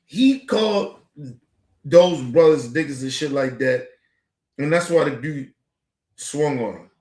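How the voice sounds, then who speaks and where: A man's voice: a little high, slow pace, echoey room. Profane, fired-up male commentator. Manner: profane, animated, repetitive. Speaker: streamer host. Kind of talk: heated commentary.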